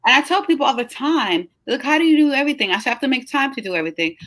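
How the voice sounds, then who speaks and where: A middle-aged woman hosting a casual live chat, talking in a chatty, encouraging way and sounding tired. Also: high-pitched. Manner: chatty, animated, encouraging, drawn-out emphatic words. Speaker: host, travel agency owner.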